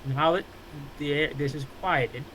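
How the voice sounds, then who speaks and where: A man's voice: a little high, slow, fairly bright tone, slight background noise, rough recording. A man playing a tabletop game, chatting casually in a playful, teasing way. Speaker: player.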